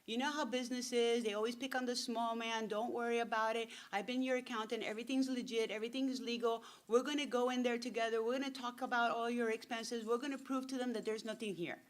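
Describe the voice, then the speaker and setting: A woman's voice: on the high side, fairly even intonation, fast, hardly any pauses, close to an everyday voice. A woman doing a soothing male accountant. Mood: reassuring. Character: calm, reassuring male accountant.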